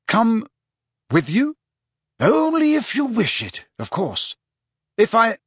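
Guy reading a novel aloud, husky and kinda high, lots of swing in his voice. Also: no room sound, clean studio sound. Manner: expressive, dramatic reading. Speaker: audiobook narrator. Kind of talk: scripted storybook narration.

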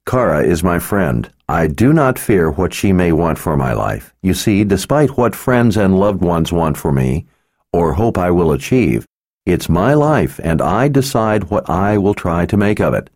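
Resolute young hero, read by a man in a slightly raised, lively voice; firm and earnest. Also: sits low, measured pace, exaggerated voice.

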